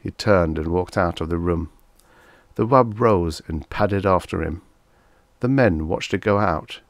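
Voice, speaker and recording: A male audiobook narrator reading a vintage science fiction story in a measured, storytelling manner. His voice is very low, and the recording is close and dry with no room sound. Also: no echo. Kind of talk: scripted narration.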